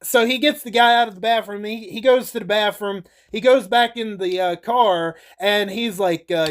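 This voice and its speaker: High-voiced chatty man recapping movies. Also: moderate pace, fairly bright tone. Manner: rambling, chatty retelling with frequent laughs and swearing. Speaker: YouTuber reviewing movies. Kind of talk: casual movie recap and ranking.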